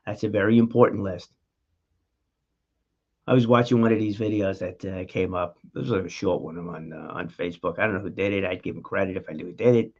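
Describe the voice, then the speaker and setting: A man's voice: low voice, fairly even intonation, a little fast, highs cut off. Emphatic man coaching the listener. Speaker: podcast host. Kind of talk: motivational monologue.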